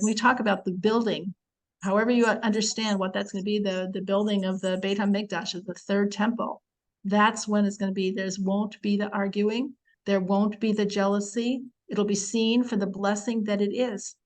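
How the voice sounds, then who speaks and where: A woman teaching the weekly Torah portion in a chatty, animated way, acting out quotes and using many fillers. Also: mid-range voice, moderate pace, low-quality recording.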